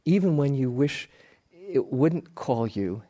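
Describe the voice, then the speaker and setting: A middle-aged man, a meditation teacher, giving a dharma talk in a slow, gentle storytelling manner with soft laughs. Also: mid-range voice, expressive.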